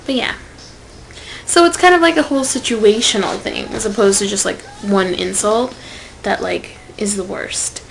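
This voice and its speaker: A young woman telling a personal story to camera in a casual vlog, swinging from loud outbursts to whispered asides. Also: mid-range voice, moderate pace, gravelly, a little hiss or hum, rough recording. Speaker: vlogger.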